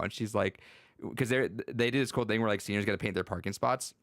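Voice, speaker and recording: A man's voice: on the low side, fairly quick, a bit bright, no echo, clean studio sound. A man hosting a casual podcast, telling rambling classroom stories as a teacher, laughing often and using many fillers. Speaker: podcast host and school teacher.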